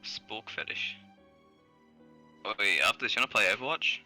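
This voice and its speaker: A man's voice: on the low side, expressive, normal speed, pushed and bright, soft background music. A man streaming a game, reading its lines aloud in playful, theatrical put-on accents between casual chat. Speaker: streamer voicing a dating-game character.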